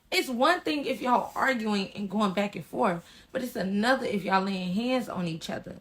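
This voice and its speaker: A woman telling a personal story in a casual vlog, blunt and sassy, swinging between loud emphatic bursts and hushed asides. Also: fairly high pitch, animated, measured pace. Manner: blunt and sassy with frequent slang.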